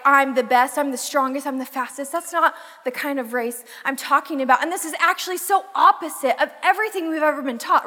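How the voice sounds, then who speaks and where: High, bright young woman in a hall. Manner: chatty and animated, acting out her own past lines. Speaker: youth speaker. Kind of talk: sermon-style talk with personal story. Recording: long reverb of a large hall.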